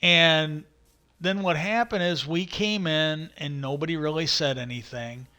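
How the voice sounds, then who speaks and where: A man's voice: on the high side, fairly even intonation, measured pace, bright, forceful tone. A middle-aged man hosting a livestream, telling a long, meandering story in casual chat and acting out the people he quotes. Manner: meandering, acts out quoted voices animatedly. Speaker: livestream host.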